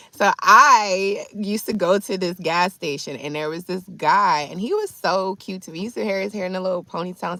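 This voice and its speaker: A woman's voice: on the low side, pushed and bright, no room sound. A woman in her thirties telling a chatty, slangy story to her livestream chat. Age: 30s.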